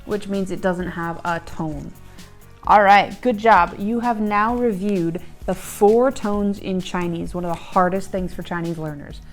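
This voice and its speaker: A woman's voice: medium pitch, fairly even intonation, measured pace, soft background music. A woman hosting a language lesson, explaining in a chatty way with fillers and glancing at her notes. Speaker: host and language learner.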